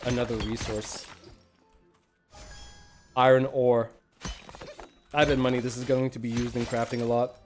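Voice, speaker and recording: A man's voice: medium pitch, little pitch movement, a little slow, long pauses, faint music behind. A man giving casual live commentary while playing a game, rambling and self-deprecating as he thinks aloud. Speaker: gaming livestreamer.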